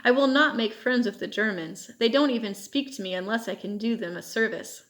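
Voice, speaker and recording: A woman's voice: a little high, a little fast, fairly bright tone, lightly acted. A woman reading the lines of a desperate young male captive soldier in a storybook, pleading and insistent.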